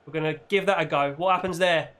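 Man, high voice, excitable football game commentary, yells at goals. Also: fast talker. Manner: reacts loudly, shouts at goals and the referee. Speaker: gaming YouTuber.

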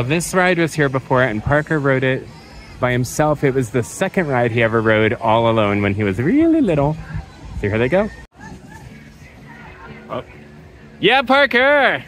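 Playful mom filming a family day at an outdoor zoo, pitch bouncing all over, teasing her kids on a handheld camera. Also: very animated, fairly quick, soft background music, poor audio. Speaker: family vlogger. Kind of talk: casual family vlog chat.

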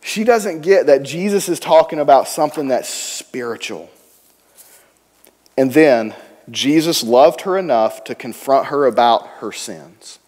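A man preaching a sermon in a church, telling the story with animated voices for the people in it. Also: mid-range voice, unhurried, in a large hall. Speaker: pastor. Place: church sanctuary.

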